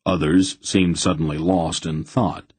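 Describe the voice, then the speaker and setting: Audiobook narrator, man, deep and husky, slow, dry close mic. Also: dry recording. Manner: measured, steady storytelling. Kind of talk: scripted narration.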